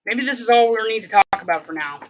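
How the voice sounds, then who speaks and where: A woman's voice: fairly high pitch, expressive, fast, muffled recording, background noise. A woman hosting a casual livestream, rambling and thinking aloud with many fillers. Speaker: livestream host.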